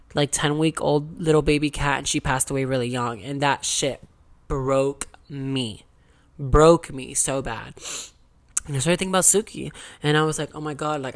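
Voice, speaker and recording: Candid, chatty young woman vlogging. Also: low voice. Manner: chatty, candid, swears freely, says "girl" and "okay". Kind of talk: casual diary confession.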